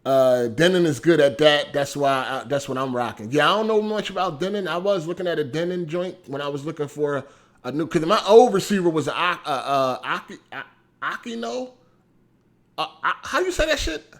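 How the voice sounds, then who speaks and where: A man chatting casually on a gaming stream, animated and profane, laughing often and swinging from loud bursts to mumbles. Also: a little high, brisk. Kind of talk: casual livestream chat.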